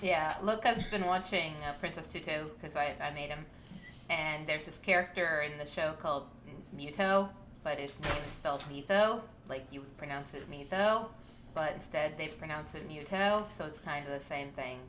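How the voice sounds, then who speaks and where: A woman's voice: sits low, normal speed, a bit bright, a little hiss or hum. A woman co-hosting a casual podcast, playful and teasing, rambling into little rants. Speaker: podcast co-host.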